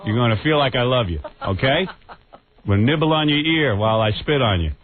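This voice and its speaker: A man's voice: medium pitch, lively intonation, fairly quick, crowd noise. A man hosting a radio show, taunting a rival in a crude, mock-menacing bit. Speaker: radio host. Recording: tinny lo-fi radio broadcast, faint hiss.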